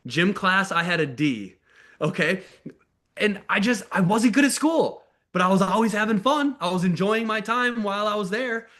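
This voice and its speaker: This American man in his thirties, a motivational speaker, recounts his life on a video call in a relaxed, open way. His voice sits high and a bit bright, expressive at a moderate pace, and he at times performs the voices of those he quotes.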